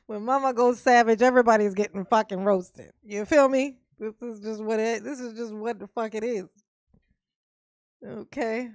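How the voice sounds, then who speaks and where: A woman's voice: fairly high pitch, slow, pauses often, dry recording, studio quality. A woman vlogger ranting in casual commentary, profane and laughing often. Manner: profane, laughing, animated Southern-Black-vernacular delivery.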